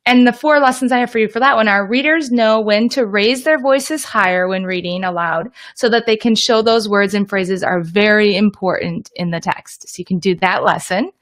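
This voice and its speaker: A woman's voice: mid-range voice, normal speed, hardly any pauses, a bit bright. Upbeat woman teaching teachers. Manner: upbeat and explanatory, addressing teachers directly. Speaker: teacher trainer. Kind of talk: teaching talk on reading fluency.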